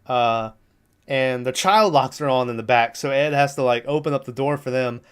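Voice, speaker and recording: This is a man with a smooth, clear voice at a middle pitch. He retells a film scene by scene in an easygoing, rambling way, dropping profanity and small laughs. He sounds like a relaxed podcast host chatting rather than reading. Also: moderate pace. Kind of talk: casual movie recap.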